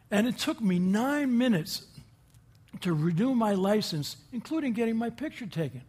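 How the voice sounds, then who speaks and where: A man's voice: sits high, lively intonation, moderate pace, a little mellow, slightly rough. A man giving an inspirational talk to a live audience, telling anecdotes in a folksy way and putting questions to his listeners. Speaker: guest speaker addressing a group.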